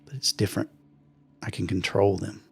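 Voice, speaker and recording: A man voicing a secretive, brooding male vampire who speaks quietly and hesitantly. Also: lowish voice, flat delivery, normal speed, creaky, husky, heavily acted. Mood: guarded.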